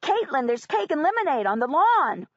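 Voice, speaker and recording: A woman voicing an excited little boy who exclaims eagerly, in a storybook reading. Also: high voice, no room sound, voice pushed up, heavily acted. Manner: bright, eager and quick to exclaim. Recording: dry, slightly dull audiobook recording.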